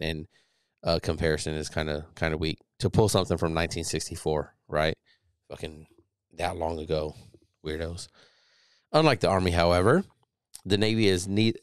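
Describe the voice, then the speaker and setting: A man's voice: sits low, clean tone, dry recording, clean studio sound. A man hosting a podcast who reads an article aloud and rambles through casual, profane commentary with many restarts. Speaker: podcast host.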